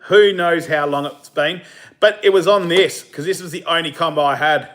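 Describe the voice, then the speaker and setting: This fishing-channel host talks at normal speed with a fairly high, somewhat bright voice. Relaxed and chatty on his live stream, he laughs readily, leans on fillers, and replies to what viewers comment.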